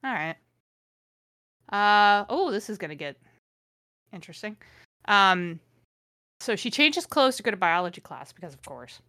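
A woman's voice: medium pitch, big pitch swings, measured pace, long pauses, sharp tone, no room sound, studio quality. A woman reading fan fiction aloud for laughs, breaking off with sarcastic, exasperated asides. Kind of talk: comedic read-along with commentary.

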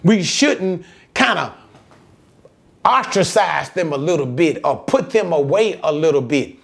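A man preaching a sermon as a pastor, slow and emphatic, lifting his voice on key phrases and dropping into folksy asides to the congregation. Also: a little high, animated, creaky.

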